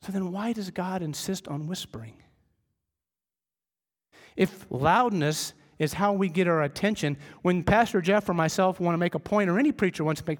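A middle-aged man preaching a sermon as pastor, conversational, telling humorous family stories and dropping his voice low for emphasis. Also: normal speed. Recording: long reverb of a large hall.

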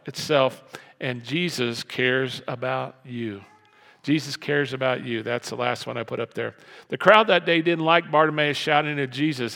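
Male pastor, animated sermon delivery, gravelly slightly high voice, recorded in a reverberant sanctuary. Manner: animated, acts out crowd and beggar voices, repeats phrases. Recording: long hall reverb.

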